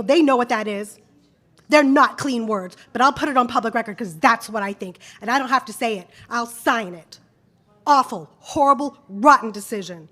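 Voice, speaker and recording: Angry high-voiced woman, blunt and emphatic. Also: fairly bright tone. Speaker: speech-language pathologist, public commenter. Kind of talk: public comment at a board meeting. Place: public meeting chamber.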